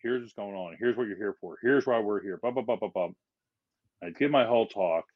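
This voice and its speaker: A firefighter from Philadelphia, a man telling stories as a podcast guest, acting out the people he quotes in lively voices. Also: on the low side, brisk, dry recording, narrow, tinny audio. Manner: animated, acts out quotes in changing voices. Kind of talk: casual storytelling in a podcast interview.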